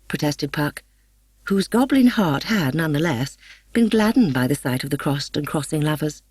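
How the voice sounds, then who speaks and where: A woman narrating a classic story as an audiobook, in a measured and expressive storytelling manner. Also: deep voice, slightly rough, no room sound.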